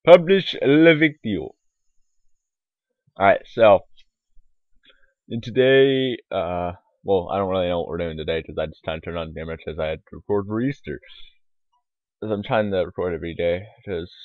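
A man's voice: sits low, fast, no echo. A man giving casual, rambling let's-play commentary, mumbling asides with lots of fillers, on a tinny, lo-fi mic. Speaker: gaming YouTuber. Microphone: desktop microphone.

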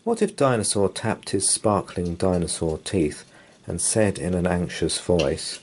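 A man with a very deep voice reads a picture book aloud at bedtime. His delivery is gentle yet animated, rising and falling to keep young listeners engaged. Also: unhurried, a little hiss or hum. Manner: gentle, expressive reading. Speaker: storyteller. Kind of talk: bedtime story read-aloud.

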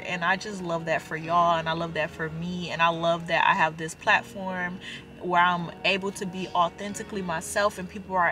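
A young woman and mother of four, vlogging casually from her car and talking straight to her viewers with lively emphasis. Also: on the low side. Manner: animated and emphatic, addresses viewers as y'all. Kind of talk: casual chatty vlog talk.

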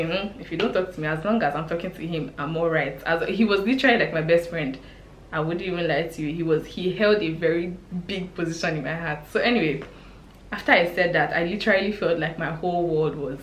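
Woman telling an animated storytime. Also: fairly low pitch, a little hiss or hum. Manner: chatty and expressive, with sudden exclamations. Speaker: vlogger. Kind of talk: casual storytime chat. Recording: echoey room.

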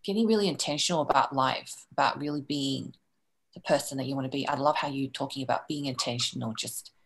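A woman's voice: extremely low pitch, quick pace, poor audio. An Australian woman hosting a live online workshop, effusive and rambling, full of filler phrases, speaking over a video call. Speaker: workshop host.

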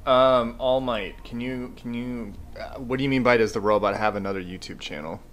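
A man's voice: mid-range voice, normal speed. A man hosting a casual podcast, reading viewer questions with many hesitant fillers. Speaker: podcast host. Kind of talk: casual chat.

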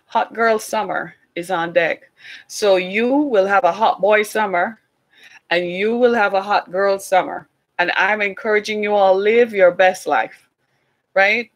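A woman in her forties giving a sermon-style talk, telling a family story with animated acted-out dialogue. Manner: animated storytelling, acting out quoted dialogue in a higher voice. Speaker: speaker addressing a congregation.

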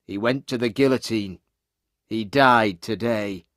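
A man voicing a grave, cautious wine-shop keeper in an audiobook, giving slow warnings. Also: on the low side, fairly bright tone, dry recording, studio quality.

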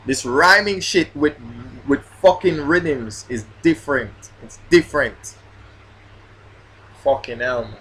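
A man's voice: a little high, slow pace, a bit bright. A man, a grime MC ranting in a casual vlog about flubbing his bars, swearing and repeating himself. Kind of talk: casual vlog rant while rehearsing bars.

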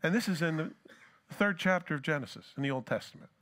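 A man's voice: a little high, expressive, fast, a bit bright. A pastor preaching a sermon who asks his congregation rhetorical questions and acts out scripture dialogue.

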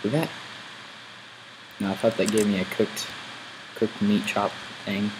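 A man's voice: lowish voice, steady tone, measured pace, noisy background. A man casually commenting while he plays a game, thinking aloud as he goes. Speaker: gameplay video host.

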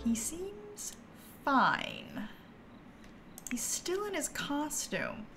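Female streamer, casual game commentary, lively swooping voice, quick to laugh. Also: high voice, vocal fry, music in the background. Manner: animated, laughing, talks to her game characters.

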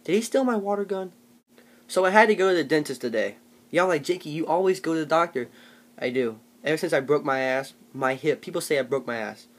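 A man's voice: fairly high pitch, fairly quick. Rambling jokey young man. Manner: rambling, jokey, animated with mock voices. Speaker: vlogger. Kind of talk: comedic storytelling vlog.

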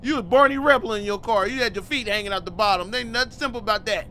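High bright-voiced joking gamer guy. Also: quick pace, a little hiss or hum. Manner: animated, slangy and joking, swears freely; reads game text aloud and riffs on it. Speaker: gaming YouTuber. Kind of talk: casual let's-play commentary.

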